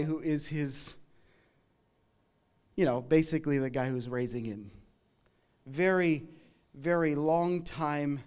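Canadian man preaching in a smooth voice. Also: a little high. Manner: storytelling, conversational, with quick asides. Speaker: pastor. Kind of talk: sermon.

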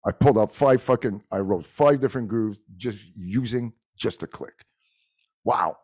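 A middle-aged man with a Montreal accent whose first language is French, talking in a casual chat, animated and swearing freely. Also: fairly low pitch, normal speed. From Montreal, Quebec. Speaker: guest musician.

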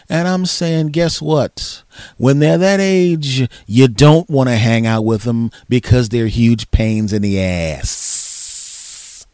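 A man's voice: mid-range voice, slow, dry recording. Ranting middle-aged man on a dry mic. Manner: ranting, animated, shifts into mock voices. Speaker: podcast host. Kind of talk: comedic solo monologue.

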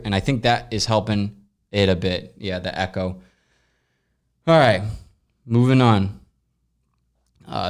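A young man hosting a casual solo podcast, reading listener questions and giving blunt, rambling advice with plenty of swearing, recorded at home. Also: mid-range voice. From United States. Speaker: podcast host. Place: home room with echo, sound pads set up. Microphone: camera recording, speaker moves off-mic at times.

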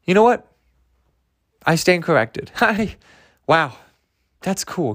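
Rambling, jokey man with a higher voice. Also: sing-song, slow pace, a bit bright. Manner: loose, profane, jokey, with many fillers and restarts. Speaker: podcast host. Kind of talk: rambling casual monologue.

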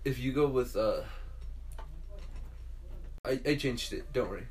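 Young guy, mid pitch, rowdy storyteller who swears a lot, faint noise behind. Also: unhurried. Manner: rowdy storytelling, loud acted-out quotes, lots of swearing. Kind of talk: casual chat.

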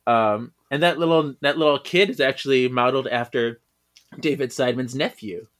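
A man's voice: medium pitch, normal speed, fairly bright tone. A man co-hosting a podcast, giving a casual, rambling comic book recap and laughing often. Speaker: podcast co-host.

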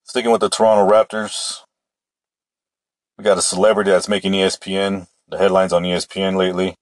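A man's voice: low-pitched, little pitch movement, quick pace, no echo. A man hosting a casual solo sports show, opinionated and rambling, often restarting his sentences. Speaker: sports podcast host.

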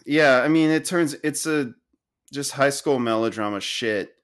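A man's voice: mid-range voice, unhurried. A man co-hosting a podcast in casual chat about a film, laughing often and correcting plot details. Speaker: podcast co-host.

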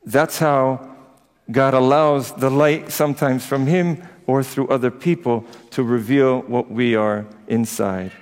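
A man's voice: medium pitch, fairly even intonation, measured pace. A priest giving a conversational sermon to his congregation, with personal asides. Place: church. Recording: echoey church with long reverb.

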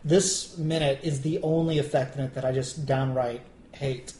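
A man's voice: mid-range voice, steady tone, moderate pace, warm tone, a little hiss or hum. Rambling man in a roomy echo. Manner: rambling, restarts a lot. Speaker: podcast co-host. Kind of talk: casual chat.

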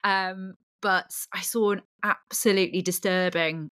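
A woman's voice: fairly low pitch, steady tone, unhurried, a bit bright, no room sound, studio quality. A woman hosting a podcast, chatting casually, laughing often and filling her talk with "like". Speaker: podcast host. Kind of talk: casual chat.

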